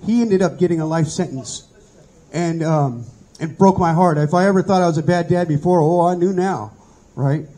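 A man's voice: on the high side, moderate pace, dark tone, rough recording. A middle-aged man telling his own testimony in an earnest, conversational way as a Bible study teacher.

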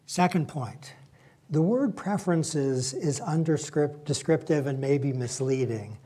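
Brief: male lecturer, mellow husky voice, reflective and conversational. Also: on the high side, lively intonation, a little slow. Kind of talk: public lecture with personal stories.

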